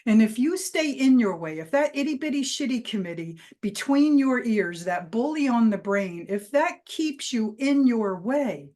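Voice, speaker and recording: A woman giving a motivational keynote, telling a personal story with lively emphasis and punchy phrasing. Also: fairly high pitch, measured pace, few pauses. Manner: lively anecdotal delivery with vivid emphasis. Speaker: keynote speaker and trainer.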